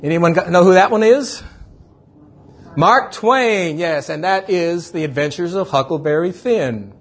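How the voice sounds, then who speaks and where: A male pastor speaking in a slightly high, husky voice. He reads scripture in a measured sermon cadence. Now and then he turns to playful quizzing of his congregation. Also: animated.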